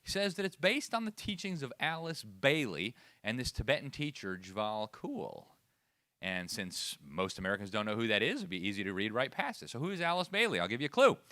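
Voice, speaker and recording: A man giving a lively, sarcastic lecture to a live audience. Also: medium pitch, fairly quick, no echo. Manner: sarcastic, animated, laughs at own asides. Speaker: speaker at education event.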